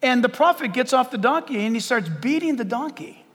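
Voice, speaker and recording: A male pastor preaching a sermon in an animated way, acting out scenes and laughing often. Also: very high voice, a little fast, big-room sound.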